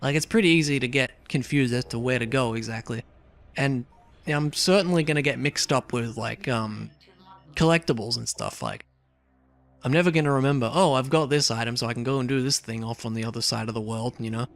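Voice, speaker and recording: A man's voice: mid-range voice, fairly quick, a little hiss or hum. A young man casually commenting on a video game as he plays, chatty and rambling, with lots of fillers and asides. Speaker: let's play host.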